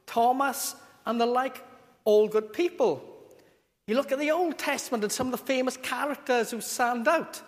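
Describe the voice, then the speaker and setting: A man with a notably high voice preaches a sermon, talking in a chatty, joking, informal way. His voice rings with the long reverb of a church. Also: moderate pace.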